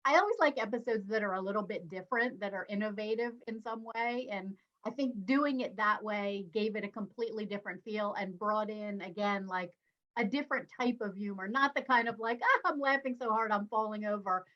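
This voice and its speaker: A woman guest on an online panel weighs her points in a thoughtful, analytical way. Her voice sits at a middle pitch. The call audio comes through dull and lo-fi. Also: brisk. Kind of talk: casual panel discussion.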